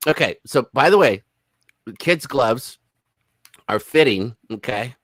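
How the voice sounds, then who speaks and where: A man's voice: mid-range voice, animated, slow, a bit bright, dry recording. A man giving sarcastic, casual commentary on videos, exclaiming and mocking as he goes.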